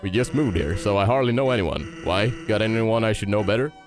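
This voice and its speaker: A man doing a lazy joking skeleton guy, lowish. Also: brisk, music in the background, close to an everyday voice. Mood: laid-back.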